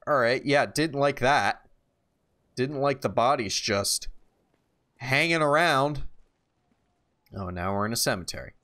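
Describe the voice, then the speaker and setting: A man casually commenting while playing a video game for the first time, reacting loudly to surprises and musing quietly in between, a bit tired. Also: mid-range voice, a little slow, long pauses. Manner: reactive, swings from calm musing to excited shouts. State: tired, yawning. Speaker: gaming YouTuber. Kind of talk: casual let's-play commentary.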